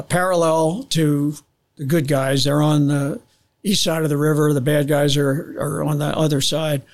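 A man's voice: a little high, darkish tone. An older man, a guest on an interview show, telling a long story with restarts and acting out radio calls. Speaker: guest, veteran pilot.

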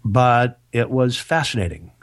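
A man telling a personal story on a podcast, halting and repeating himself, with self-deprecating humor. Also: mid-range voice, expressive. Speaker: author and speaker, regular guest. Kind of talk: casual storytelling.

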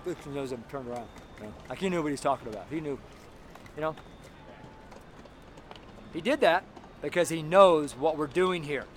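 A man with a high voice preaches outdoors among city walls, blunt and fervent and loud enough to carry across the street. He sounds tired, and faint traffic noise sits behind him. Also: moderate pace, long pauses.

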